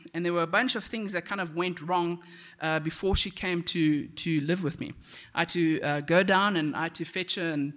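A woman's voice: on the low side, a bit bright. A woman giving a conversational devotional talk, telling stories with chatty asides. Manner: chatty storytelling with frequent "okay?" asides. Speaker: devotional speaker.

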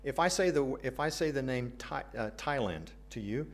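A man's voice: medium pitch, animated, normal speed. American man preaching a sermon. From United States. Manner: earnest, asks the congregation questions, light jokes. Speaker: pastor.

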